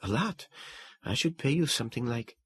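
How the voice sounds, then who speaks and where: A man reading a shy, gentle woman who is meeting her ex-husband, in a soft, raised voice in an audiobook. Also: mid-range voice, expressive, normal speed, slightly rough, no room sound, voice pushed up.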